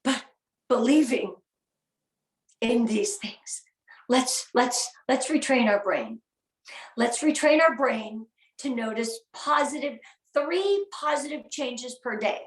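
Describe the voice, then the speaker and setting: A woman's voice: high voice, expressive, a little slow. A middle-aged woman giving an earnest, upbeat motivational talk to a sales team and getting them to repeat phrases after her. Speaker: guest speaker at a sales training. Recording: echoey room, voice a bit far from the mic.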